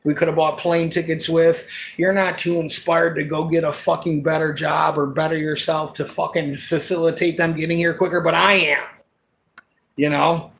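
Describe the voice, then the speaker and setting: A man's voice: a little high, little pitch movement, moderate pace, creaky, a bit bright, a little hiss or hum. A man in his forties venting in an emotional, rambling monologue, angry and profane, full of fillers. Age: 40s.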